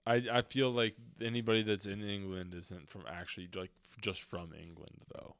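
A man's voice: lowish voice, flat delivery, normal speed, fairly bright tone, smooth, no room sound. A man co-hosting a casual podcast, cutting in with dry, skeptical remarks. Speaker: podcast co-host. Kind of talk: casual chat.

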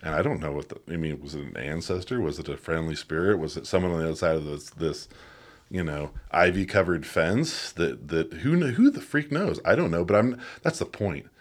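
A man with a very deep voice talks as a podcast guest in a basement room. His talk is casual and animated, and he often quotes himself and others. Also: a little fast. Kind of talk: casual conversation.

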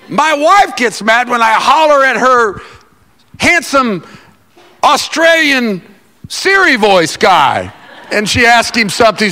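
Male pastor, church sermon, animated delivery, bright tone, lively pitch. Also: measured pace. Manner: animated, joking, bursts into loud outbursts. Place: church sanctuary.

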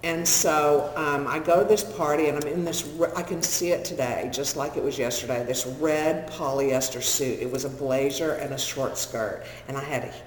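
A woman's voice: low voice, steady tone, normal speed, few pauses, slight background noise. A woman in her sixties with a Texan accent, telling her recovery story to an audience in a candid, self-deprecating, humorous way. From Northern California. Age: 60s. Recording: echoey hall with long reverb.

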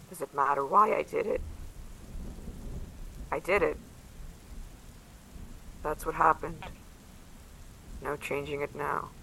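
A man's voice: fairly high pitch, slow, gravelly, long pauses, pushed and bright, slight background noise, exaggerated voice, poor audio. A man narrating in the first person as a guilt-ridden, desperate young survivor. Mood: brooding. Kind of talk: audio drama narration.

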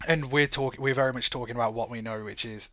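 Podcast co-host, man, mid-pitched, sweary ranting, acts out quotes. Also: steady tone, fast talker, crowd noise. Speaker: co-host, former assistant language teacher in Japan. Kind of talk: casual podcast chat.

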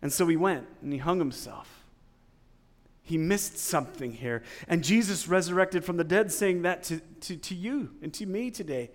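A man preaching a sermon in a slightly high voice, with the long reverb of a big hall trailing his words. He drops to near-hushed, low tones, then climbs into loud, rising peaks, and he repeats key phrases for weight. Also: normal speed. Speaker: pastor.

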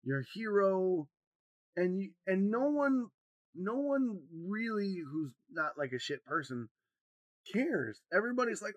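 A man from Wisconsin co-hosting a podcast, telling a rambling, profane story in a loose, animated way. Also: high-pitched, unhurried, dry recording. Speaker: podcast co-host. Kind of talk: casual podcast chat, storytelling.

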